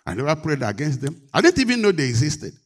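A middle-aged man preaching a sermon, moving from quiet talk to loud rebuke. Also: on the high side, big pitch swings, quick pace. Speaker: pastor.

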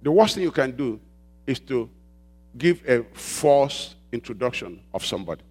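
A man preaching a sermon as pastor, calling out questions for the congregation to answer and slowing down to stress key words. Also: medium pitch, big pitch swings. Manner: call-and-response preaching, prompting the congregation with "what?"; rises and presses louder on key points, slows on emphasized words.

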